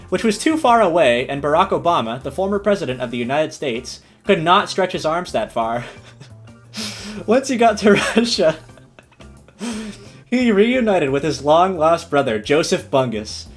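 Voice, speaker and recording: A man streamer reading a silly story aloud and chatting with his viewers, animated and giggly. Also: fairly high pitch, moderate pace, faint music behind. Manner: animated, giggly, breaks into laughs.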